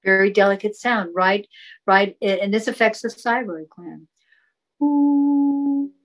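A woman's voice: mid-range voice, normal speed, fairly bright tone, soft background music, low-quality recording. A woman guest in a talk conversation, explaining sound healing in an encouraging, flowing way and demonstrating chanted tones. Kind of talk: casual interview talk.

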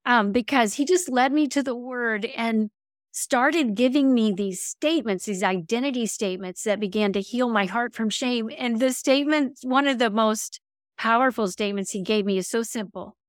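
Older lady podcast host, gushy and emotional, smooth clear voice. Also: a little high, moderate pace, no room sound, studio quality. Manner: warm, effusive, emotional. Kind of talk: faith podcast interview.

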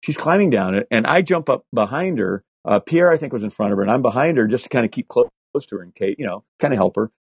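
An older man in his sixties telling animated stories as a guest, swearing freely and filling gaps with fillers. His voice is husky at a middle pitch. The sound is dry and slightly lo-fi. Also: quick pace, few pauses, no echo. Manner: profane, animated anecdotes with many fillers. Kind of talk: casual storytelling interview. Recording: slightly dull lo-fi audio.

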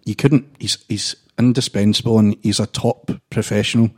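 A man's voice: lowish voice, little pitch movement, moderate pace, a little mellow, husky. A Scottish man on a football podcast panel, emphatic and joking. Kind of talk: casual football chat.

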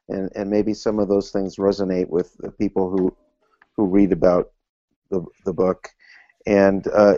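A man's voice: on the low side, warm tone, dry recording, muffled recording. A man who is a guest author on a podcast, talking in casual chat, hesitant, with repeated words and uhs.

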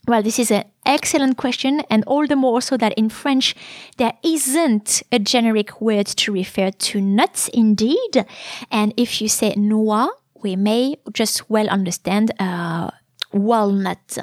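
Woman with a bright, higher voice hosting a French lesson podcast; chatty, with uh-fillers; dry close mic. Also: a little slow, no echo. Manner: chatty and explanatory, with frequent "uh" fillers. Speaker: podcast host and French teacher.

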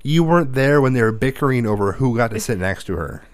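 A man's voice: mid-range voice, expressive, quick pace, no room sound. A father chatting casually, rambling, cursing and restarting his sentences often. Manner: rambling, profane, with many restarts. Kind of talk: casual chat.

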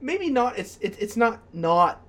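A man co-hosting a casual podcast chat, animated and excitable, tripping over many "like" fillers and restarts. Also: extremely high pitch, a little slow. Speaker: podcast co-host.

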